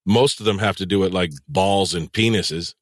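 A man's voice: deep voice, normal speed, no echo, clean studio sound. A man hosting a crude, casual podcast chat, swearing and laughing often. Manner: profane, laughs often, animated. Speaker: podcast host and audiobook narrator.

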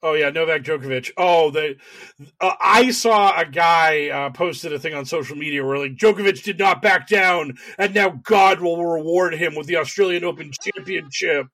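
A man's voice: fairly high pitch, moderate pace, sharp tone, no echo. A man co-hosting a podcast, chatting casually in a sarcastic, ranting way, with many fillers and restarts. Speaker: podcast co-host. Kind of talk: casual political banter.

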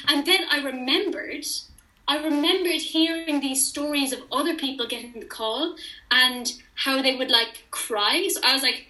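A woman's voice: high voice, normal speed, roomy sound, low-quality recording. A young woman telling a story in casual chat, acting out the quoted dialogue. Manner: animated storyteller who acts out quoted dialogue. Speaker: interview guest.

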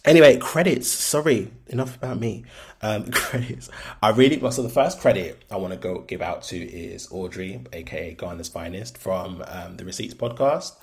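A man's voice: low-pitched, normal speed. A young man with a Birmingham accent that drifts toward London, hosting a casual solo podcast in a frank, chatty way full of ums and likes. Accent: Birmingham (Brummie), shifting toward London. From Birmingham, England. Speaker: podcast host.

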